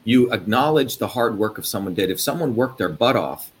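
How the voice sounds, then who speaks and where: A man's voice: on the low side, expressive, fairly quick, slight background noise. Angry profane man ranting. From India. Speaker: host. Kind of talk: heated interview talk.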